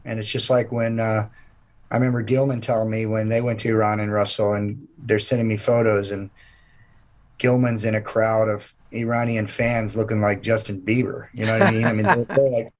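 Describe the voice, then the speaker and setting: A man's voice: on the low side, creaky. A man guesting on an interview, talking with enthusiasm in long run-on sentences. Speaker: event promoter guest. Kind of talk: casual interview chat.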